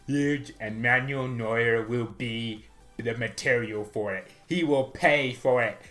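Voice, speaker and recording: A man voicing a grandiose older male politician who talks slowly and keeps repeating big superlatives. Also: medium pitch, fairly bright tone, soft background music. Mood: boastful. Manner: slow, emphatic, repeats superlatives.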